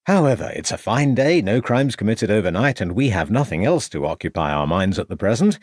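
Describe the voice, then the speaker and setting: A man voicing a brisk, authoritative Victorian police inspector in an audiobook reading. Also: fairly low pitch, big pitch swings, a little mellow, no echo, clean studio sound. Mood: dry. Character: stern, clipped Victorian male detective inspector.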